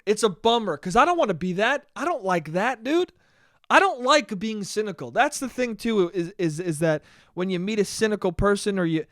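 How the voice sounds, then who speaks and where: A man's voice: sits high, no echo, studio quality. A young man hosting a solo podcast, ranting in a profane, self-mocking way and acting out the voices in his head. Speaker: podcast host. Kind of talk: solo comedic monologue.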